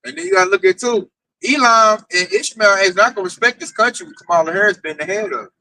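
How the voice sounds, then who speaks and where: A man's voice: high-pitched, expressive, quick pace, sharp tone, low-quality recording. A man teaching at a religious camp, preaching to the group and reading scripture aloud.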